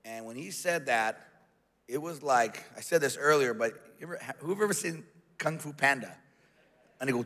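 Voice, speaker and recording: A man, a pastor, preaching a sermon and telling a personal story, moving from hushed passages to shouted exhortation. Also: mid-range voice, moderate pace, long pauses. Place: large church hall. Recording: long hall reverb.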